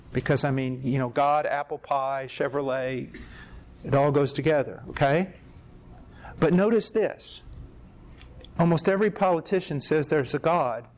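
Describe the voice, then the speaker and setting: A middle-aged man preaching in a lecture-style sermon, telling stories emphatically and jumping up in pitch on his key points.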